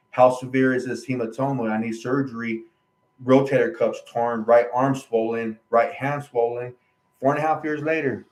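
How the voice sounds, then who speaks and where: Guy vlogging his own story, talks in a rambling earnest way, keeps saying right and you know, mid pitch. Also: low-quality recording. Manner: earnest, aggrieved. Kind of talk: casual personal storytelling.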